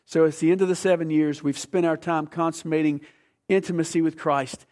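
A man preaching a sermon, emphatic, asking the congregation questions and swinging between loud bursts and quiet stretches. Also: fairly high pitch, steady tone, a little fast.

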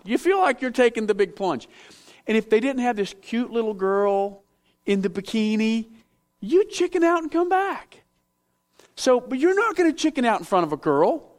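A middle-aged man preaching a sermon, telling stories with self-mocking humor. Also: extremely high pitch. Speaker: pastor.

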